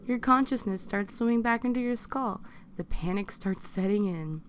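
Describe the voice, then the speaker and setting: A woman's voice: mid-range voice, moderate pace, a little hiss or hum. A woman casually narrating a second-person story, breaking off into crude, joking asides. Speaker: reader of fan fiction.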